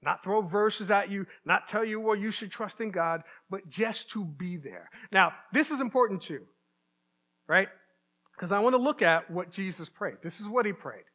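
A man with a voice pitched well above most men delivers a sermon in a relaxed, conversational way. He sounds earnest and plain-spoken, and he keeps checking in with his listeners as he explains. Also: moderate pace. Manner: informal, earnest, asks the listeners "right?". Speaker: preacher.

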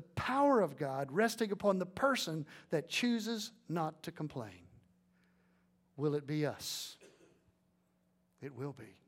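A man delivers a sermon and closing prayer in a fairly high voice. He preaches emphatically, leaning on rhetorical questions to the congregation. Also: very animated, takes it slowly, long pauses.

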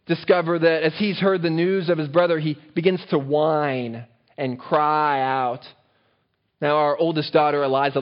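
Man preaching with rhetorical questions. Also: on the high side. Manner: engaging, asks the listeners rhetorical questions. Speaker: pastor. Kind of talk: sermon. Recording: dull lo-fi sermon recording.

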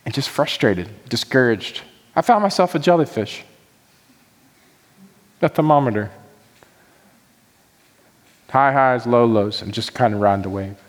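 A man's voice: mid-range voice, animated, unhurried, long pauses. A man preaching as a pastor, earnest and pleading, his voice rising in heartfelt prayerful passages. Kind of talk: sermon. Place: church sanctuary. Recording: hall reverb.

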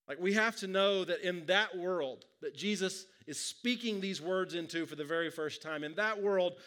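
A man preaching a sermon in a relaxed, conversational way, often checking in with the listeners. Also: sits high. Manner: conversational preaching, asides like "right?". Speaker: pastor.

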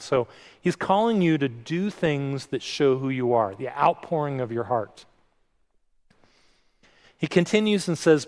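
A middle-aged male pastor gives a sermon in a chatty, self-deprecating manner, stumbling over his words now and then. His voice sits at an ordinary pitch. It carries a long reverb, as if spoken in a large hall. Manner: conversational, self-deprecating, frequent restarts and quoted asides.

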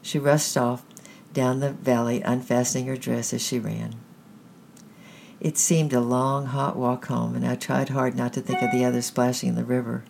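A storyteller reading a children's story aloud at a measured, gentle pace. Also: mid-range voice, little pitch movement, gravelly, slight background noise.

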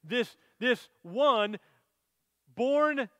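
Man, high-pitched, earnest preaching, scripture reading, dry sound. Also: lively intonation, very slow, bright, forceful tone, dry recording, muffled recording. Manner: earnest, reads scripture aloud then explains it. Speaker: pastor. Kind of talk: sermon.

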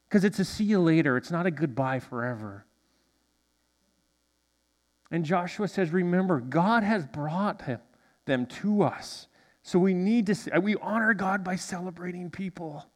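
A male pastor preaching a sermon in a church, animated and drawing responses from the congregation. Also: high-pitched, unhurried, big-room sound. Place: church sanctuary.

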